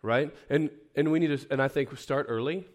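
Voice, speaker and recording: This man's voice sits fairly high and moves at an ordinary pace. He's teaching a group of preachers informally at a camp meeting room, talking in a chatty way full of self-deprecating remarks and frequent restarts.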